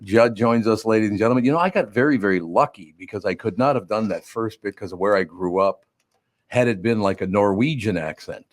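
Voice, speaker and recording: Deep-voiced joking male radio host. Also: fairly quick, no echo, faint music behind. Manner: joking, blunt, teasing co-hosts. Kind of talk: casual talk show banter and read ad.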